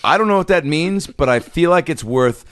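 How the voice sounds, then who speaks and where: A man's voice: on the high side, expressive, moderate pace, fairly bright tone, no room sound, studio quality. A man, a comedian co-hosting a podcast, chatting casually with playful jokes and asides. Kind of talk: casual chat.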